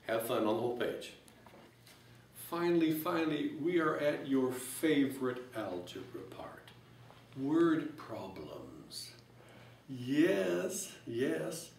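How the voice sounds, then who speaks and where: A math teacher gives a recorded algebra lesson, explaining each step and tossing in joking, folksy asides. His mid-range voice is creaky and sounds off-mic and distant, in an echoey room with faint hiss.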